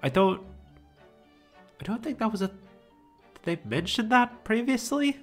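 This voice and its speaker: A man's voice: high voice, animated, a little slow, faint music behind. Giggly Australian man streaming a game. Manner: giggly, laughs often. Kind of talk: gaming commentary.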